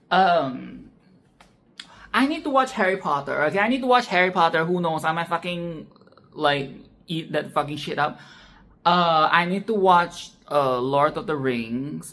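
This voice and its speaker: A sassy, foul-mouthed film commentator talking off the cuff. The speech rambles and restarts, with frequent laughs, and keeps tagging lines with "okay?". The pitch sits in a middle range. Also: creaky, a bit bright. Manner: sassy, profane, tags "okay?" onto lines. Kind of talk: casual film commentary monologue.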